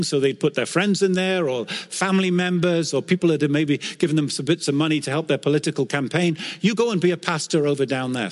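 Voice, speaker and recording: Man preaching a sermon in a reverberant hall. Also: fairly high pitch. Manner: storytelling, earnest and animated in quoted scripture. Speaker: pastor.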